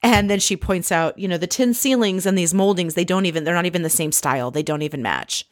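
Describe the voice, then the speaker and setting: A woman's voice: lowish voice, fast talker, no room sound, studio quality. A woman hosting a casual reality show recap, chatty and wry, with frequent laughs. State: married.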